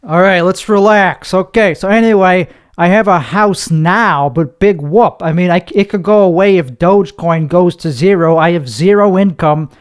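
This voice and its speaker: Nervous, rambling young man, high smooth voice. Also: normal speed, few pauses. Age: young adult. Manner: anxious, rambling, heavy cursing. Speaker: podcast host. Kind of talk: solo podcast monologue.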